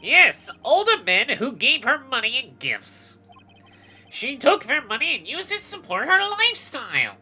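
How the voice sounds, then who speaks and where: A woman's voice: sits high, very animated, a little slow, bright, forceful tone, slightly rough, soft background music, heavily acted. A woman voicing a pompous male prosecutor in a formal, theatrical courtroom manner.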